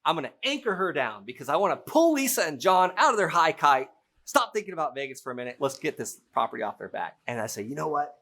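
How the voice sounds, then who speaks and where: A middle-aged man teaching real estate by acting out a phone negotiation as a lively story. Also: a little high, quick pace. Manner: animated storytelling, playful role-play. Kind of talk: teaching through an acted-out example.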